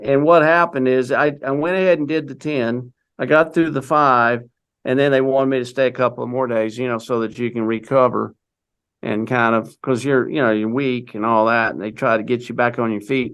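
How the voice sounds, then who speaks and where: An older man with a slightly gravelly, somewhat bright voice at an ordinary middle pitch is a guest in an interview, telling a long personal story. He speaks loosely at normal speed with fairly even intonation, rambling, circling back with "you know," and restarting his thoughts.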